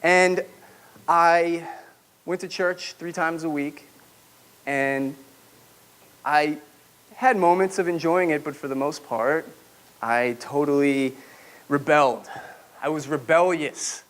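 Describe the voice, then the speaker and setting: A man's voice: a little high, slow, long pauses, fairly bright tone. A man giving a personal testimony talk at a podium to a live audience, telling his story reflectively and now and then asking the audience questions. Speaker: public speaker. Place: room with an audience, speaking at a podium.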